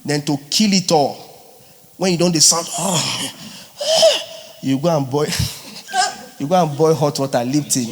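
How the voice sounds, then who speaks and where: A man, teaching a live singers' workshop as a vocal coach, teasing and lively. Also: a little high, measured pace. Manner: animated, teasing, mixes in pidgin. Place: large hall at a live boot camp. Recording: long hall reverb.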